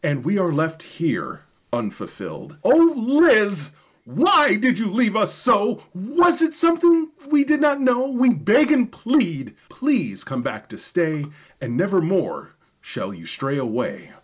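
A man reciting a gothic poem in a theatrical, mournful voice pitched high above his own. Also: wildly swooping pitch, slow pace, breathy edge, full character voice.

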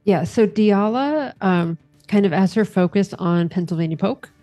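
A woman playing a tabletop game, speaking slowly and hesitantly with fillers. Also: mid-range voice, warm tone, no echo, soft background music. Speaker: player. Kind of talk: casual tabletop play.

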